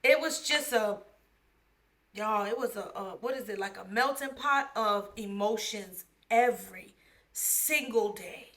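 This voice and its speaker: A woman's voice: fairly high pitch, fairly bright tone. A young woman from the Bronx, hosting a podcast and candidly telling her own life story, emotional and slangy, addressing listeners as y'all. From the Bronx, New York. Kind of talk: personal storytelling monologue.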